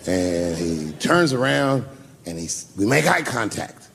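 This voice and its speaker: Gravelly-voiced man doing stand-up storytelling. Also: a little slow, a little hiss or hum. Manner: animated, acts out characters with big pitch jumps. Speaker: stand-up comedian. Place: large theater with a live audience.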